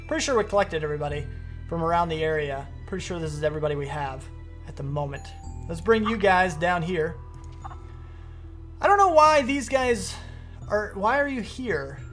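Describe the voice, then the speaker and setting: A gaming streamer giving excitable let's-play commentary and rapidly repeating commands. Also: mid-range voice.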